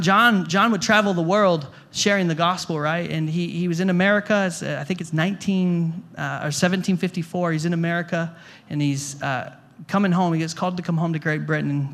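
Male pastor, sermon, higher-pitched voice, chatty delivery, repeats words. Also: a little fast, hardly any pauses, a bit bright. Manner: conversational, repeats words, asks the room questions. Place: church hall before a congregation.

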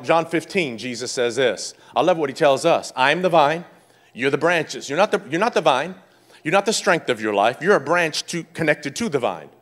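A male pastor preaching a sermon with fervent energy, rising to loud exclamations and dropping to quiet explanation. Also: fairly high pitch.

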